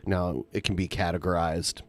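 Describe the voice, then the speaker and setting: A man's voice: deep voice, level tone, moderate pace. A man hosting a casual podcast, bantering and laughing with his co-hosts. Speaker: podcast host.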